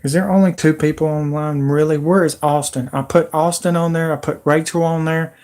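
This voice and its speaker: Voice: mid-range voice, fairly even intonation, fairly quick, darkish tone. Agitated, rambling livestream ranter. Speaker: livestream host. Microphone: computer mic.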